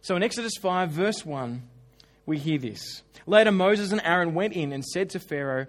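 High-voiced man preaching a lively sermon. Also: normal speed. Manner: animated storytelling with humorous asides. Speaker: pastor.

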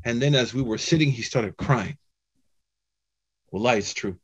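A man telling a personal story in a talk to a Muslim audience, chatty and animated, full of "you know" and "man". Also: medium pitch, normal speed, husky, highs cut off. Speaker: Muslim speaker giving a talk.

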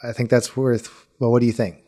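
A man's voice: medium pitch, little pitch movement, fairly quick, mellow. A man running a tabletop game, wrapping up the session in an upbeat, encouraging way. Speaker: game master. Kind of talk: casual game recap.

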